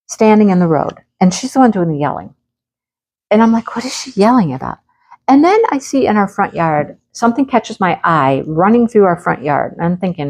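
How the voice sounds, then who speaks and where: A woman craft vlogger at her rural home, telling a lively anecdote in a casual chat, often laughing. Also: mid-range voice.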